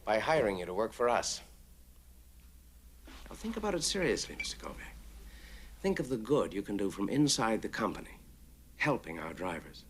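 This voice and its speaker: An actor playing a polished male company executive who speaks with measured courtesy and quiet condescension. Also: fairly low pitch, big pitch swings, slight background noise. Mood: persuasive. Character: smooth corporate male executive, polite and condescending.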